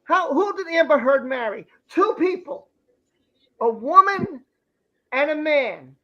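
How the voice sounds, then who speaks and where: A man's voice: very high voice, lively intonation, slow, pushed and bright, highs cut off. A man hosting a live stream, ranting heatedly and repeating himself as he reacts to news coverage. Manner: heated, repeats phrases, talks over the clip. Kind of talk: angry ranting commentary.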